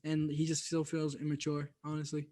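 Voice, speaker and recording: A man's voice: fairly high pitch, completely flat delivery, normal speed, mellow. A man co-hosting a podcast, reviewing music in loose, laughing casual chat full of fillers. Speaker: podcast co-host.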